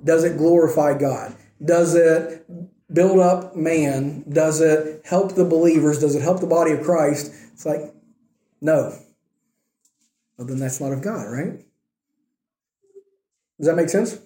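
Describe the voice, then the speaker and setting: Male pastor, fairly high mellow voice, easygoing sermon delivery, roomy echo. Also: slow, long pauses. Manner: conversational preaching, checks in with "right?" and "okay?".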